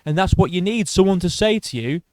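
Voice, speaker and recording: A man's voice: high-pitched, expressive, brisk, darkish tone, no echo. A man giving blunt, profane reaction commentary on boxing.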